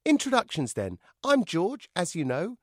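A man voicing a cheeky, charming ventriloquist's dummy with a clear, rich voice. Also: sits high, wildly swooping pitch, moderate pace, darkish tone, no room sound, pitched above the performer's own voice, exaggerated voice.

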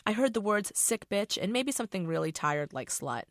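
A woman's voice: medium pitch, sing-song, a little fast, a bit bright, no room sound, studio quality. A middle-aged woman author reading her novel aloud in a casual, profane first-person voice.

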